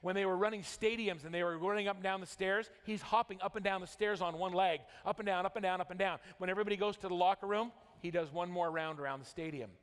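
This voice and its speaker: A man's voice: sits high, fast, hardly any pauses, smooth. A middle-aged man from Utah giving a motivational convention keynote, telling a story with big rises and sudden drops. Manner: energetic storytelling, rising and dropping for drama. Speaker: motivational speaker. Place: large convention hall. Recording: long hall reverb.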